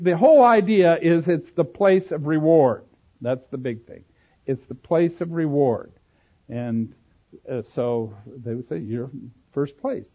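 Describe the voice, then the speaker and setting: A man leads a Bible study lecture in a somewhat high voice, explaining at length and wandering into side notes. He restarts and corrects himself as he goes. The sound is thin and narrow, like a phone line. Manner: explanatory, digressive, self-correcting. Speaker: Bible teacher.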